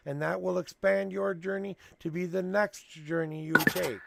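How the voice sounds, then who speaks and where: High gravelly-voiced male tarot reader. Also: no echo. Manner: counts cards aloud, then speaks in earnest spiritual encouragement. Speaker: tarot reader hosting a livestream. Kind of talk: live tarot reading and spiritual blessing. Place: at home with a cat.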